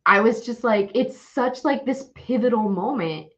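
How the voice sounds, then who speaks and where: A young adult woman co-hosting a podcast in casual chat, animated and swearing often as she rants. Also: on the high side, a little slow. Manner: animated, swears often, laughs while ranting. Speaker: podcast co-host. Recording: dull lo-fi audio.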